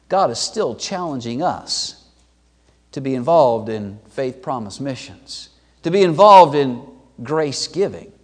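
A man preaching a sermon as pastor, swinging between loud emphatic peaks and low, quiet drops. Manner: emphatic preaching with sweeping pitch and loudness swings. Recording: long hall reverb.

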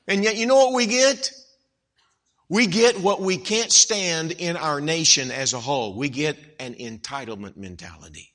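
A middle-aged man preaching a dramatic sermon, acting out the voices of the people he quotes and building to loud, emphatic peaks. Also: on the high side, normal speed. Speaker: pastor.

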